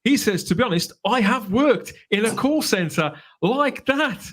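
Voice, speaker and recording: A man's voice: high-pitched, expressive, measured pace, fairly bright tone. A man hosting a live panel stream, chatty and upbeat, reading out the chat. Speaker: host.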